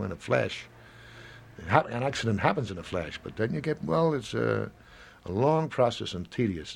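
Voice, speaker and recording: A man's voice: on the low side, gravelly, slightly rough. A man in his seventies in an interview, rambling and reflective, acting out little quoted dialogues as he talks. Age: 70s.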